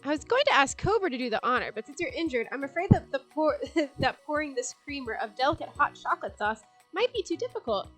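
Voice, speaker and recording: Woman doing a syrupy, boastful rival chef girl, pitched up high, game character. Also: sing-song, fast talker, hardly any pauses, fairly bright tone, soft background music. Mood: sugary. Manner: saccharine, boastful. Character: smug sugary young woman rival chef.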